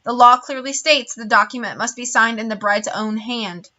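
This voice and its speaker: A careful, measured judge, read by a woman. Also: fairly high pitch, pushed and bright, highs cut off. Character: kind, thoughtful woman judge.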